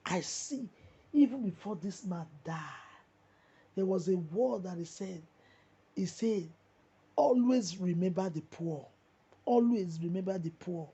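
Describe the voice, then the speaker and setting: Nigerian woman preaching hard, husky dark voice, kinda muffled lo-fi sound. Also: fairly low pitch, animated, unhurried, long pauses. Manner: impassioned, repetitive, preachy. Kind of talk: preaching monologue. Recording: muffled lo-fi recording.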